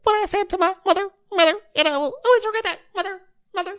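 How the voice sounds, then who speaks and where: A man voicing a melodramatic, tearful woman reality star in a shrill falsetto. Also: fast, bright, forceful tone. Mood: wailing.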